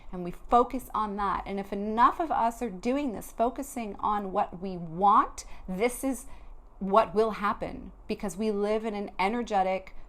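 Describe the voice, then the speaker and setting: A woman's voice: mid-range voice, measured pace, a bit bright. A woman giving an earnest, heartfelt motivational talk to camera, with loose phrasing and frequent restarts. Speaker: spiritual vlogger.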